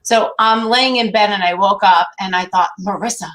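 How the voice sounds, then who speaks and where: A woman's voice: medium pitch, steady tone, normal speed, a bit bright. Easygoing woman guest who rambles through a casual story. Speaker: guest medium. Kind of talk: casual chat.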